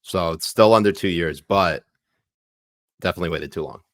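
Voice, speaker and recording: Deep-voiced joking podcast co-host man. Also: moderate pace, a bit bright, no echo, clean studio sound. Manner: joking, laughs often, reads tweets aloud. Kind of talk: casual chat.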